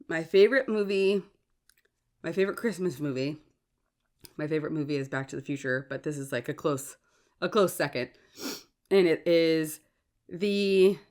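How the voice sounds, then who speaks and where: A woman hosting a podcast, a parent, chatting casually and acting out movie quotes. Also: fairly low pitch. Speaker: podcast host. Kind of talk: casual chat.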